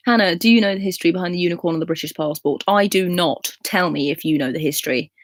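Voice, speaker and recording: A woman's voice: fairly low pitch, fairly quick, dry recording. A Scottish woman in her twenties hosting a casual livestream, chatting and laughing as she reads viewer comments aloud. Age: 20s. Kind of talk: casual live chat.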